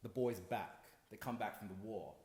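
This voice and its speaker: A tipsy young man retelling an ancient tragedy in a rambling, slangy way, with loud asides to his listeners. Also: fairly low pitch, moderate pace, roomy sound. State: drunk. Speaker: comic storyteller. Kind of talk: casual comic retelling of a play.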